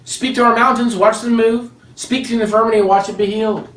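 A man preaching a sermon in an animated, joking way, laughing often as he teaches. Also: sits high, quick pace. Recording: echoey room, mic at a distance.

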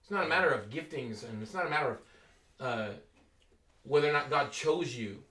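Bright-voiced man telling stories animatedly. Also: mid-range voice, a little fast, echoey room, far from the mic. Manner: animated, acts out quoted voices. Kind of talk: casual storytelling talk.

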